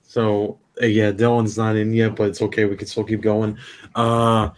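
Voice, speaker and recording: A man's voice: fairly low pitch, level tone, normal speed. A player from New Jersey with a New Jersey accent. He talks in loose, rambling bursts, restarting his sentences and apologizing as he goes. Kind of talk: casual game chat.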